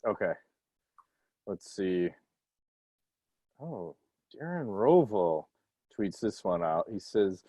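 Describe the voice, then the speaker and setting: A man's voice: low-pitched, big pitch swings, slow, pauses often, dark tone, slightly rough, dry recording. A man co-hosting a casual podcast chat, breaking into mocking put-on quotes. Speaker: podcast co-host.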